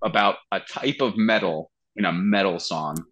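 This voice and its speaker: A man's voice: low-pitched, normal speed, highs cut off. A man who sings in a band, chatting casually in an interview and telling stories with plenty of swearing. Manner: animated storytelling, swears freely. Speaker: band vocalist.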